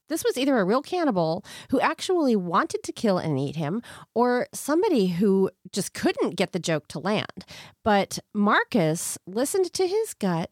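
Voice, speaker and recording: A woman's voice: medium pitch, dry recording, clean studio sound. A woman co-hosting a true crime podcast, chatting casually, laughing often and reading the story aloud. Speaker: podcast co-host.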